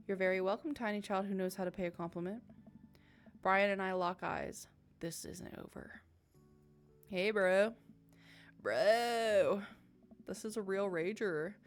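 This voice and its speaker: A woman's voice: mid-range voice, fairly even intonation, a little fast, soft background music. A woman playing a dating game aloud, reading every character in a playful way. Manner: playful, voices several characters, laughs and tears up. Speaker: let's play gamer.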